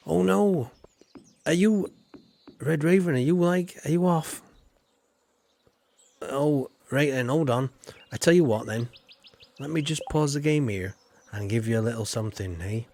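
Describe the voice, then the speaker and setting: A man's voice: mid-range voice, darkish tone. A man streaming a farming game live, chatting casually and answering viewer comments as he plays.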